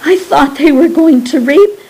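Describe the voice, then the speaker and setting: A distraught young woman in an audiobook, her voice pitched high and shrill, as a woman reader puts her on. She wails her lines in fright, louder than the narration around her. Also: sing-song, slow, full character voice, poor audio.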